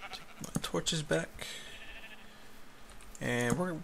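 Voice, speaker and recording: A man's voice: a little high, very slow, vocal fry. A man casually narrating his Minecraft play on his home computer, rambling and yawning as he mutters to himself through a headset mic. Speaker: gaming YouTuber. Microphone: headphones with a mic. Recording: noisy home recording with keyboard clicks. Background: keyboard typing and clicks.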